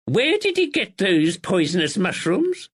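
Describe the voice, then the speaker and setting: A man's voice: high voice, huge pitch swings, measured pace, slightly rough, voice pushed up, full character voice. A man voicing an imperious elderly aristocratic woman who speaks in a commanding, formal, clipped way.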